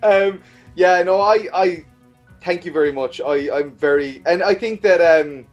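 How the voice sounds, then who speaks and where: A man's voice: high-pitched, unhurried, highs cut off, faint music behind. A man with an Irish accent hosting an interview in casual, chatty talk, laughing often and stumbling over his words. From Ireland. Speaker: podcast host.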